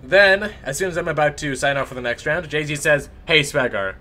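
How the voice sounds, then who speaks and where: A young man, an esports shoutcaster with a sore throat, telling a rambling, animated story between matches. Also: on the high side, a little fast. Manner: animated, rambling anecdote with lively voiced asides.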